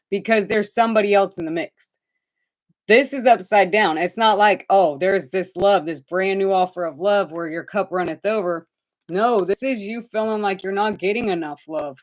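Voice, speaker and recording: Woman doing live tarot readings, kinda low voice, chatty, calls ppl honey. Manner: chatty, talks straight to viewers by name, calls them honey. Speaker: tarot reader.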